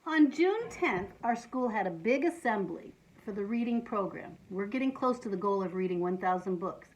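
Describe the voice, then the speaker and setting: A woman reading a children's picture book aloud, playful and animated, with asides to young listeners. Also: medium pitch, moderate pace, a little hiss or hum, low-quality recording. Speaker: storytime reader.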